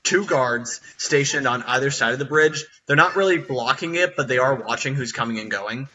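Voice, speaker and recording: A man narrating a tabletop game as dungeon master, halting with many fillers, over online voice chat. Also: mid-range voice, pushed and bright, distant mic, dull audio.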